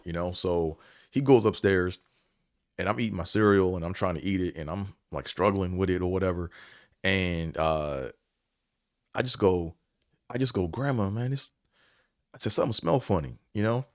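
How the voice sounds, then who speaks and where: A man's voice: deep voice, no echo, clean studio sound. A man hosting a podcast, telling a story and reflecting in a rambling, casual way, with many fillers and casual swearing. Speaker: podcast host.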